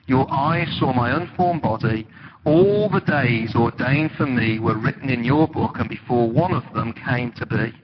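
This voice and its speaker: Lively preaching man, dull noisy church recording. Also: medium pitch, unhurried. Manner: conversational, animated storytelling with sudden dramatic emphasis. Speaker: pastor. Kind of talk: sermon. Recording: dull, lo-fi with loud background noise.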